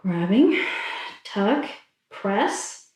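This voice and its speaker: A woman fitness instructor calmly talking listeners through a stretching cool-down while doing it herself. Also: mid-range voice, drawn-out words. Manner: calm, encouraging cues while demonstrating stretches. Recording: very echoey room, mic far off.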